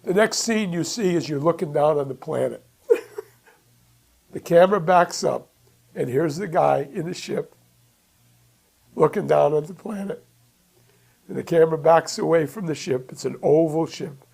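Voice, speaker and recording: A man presenting at a workshop, retelling a film in an animated, chuckling way. His voice sits fairly high and has a gravelly, husky texture. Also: moderate pace, pauses often. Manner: animated, chuckling, acting out scenes.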